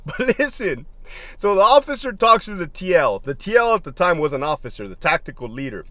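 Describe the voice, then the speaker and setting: A man's voice: fairly high pitch, a bit bright, no echo. A middle-aged former prison lieutenant telling stories in a casual, profane way, laughing often as he goes. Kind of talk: casual storytelling monologue.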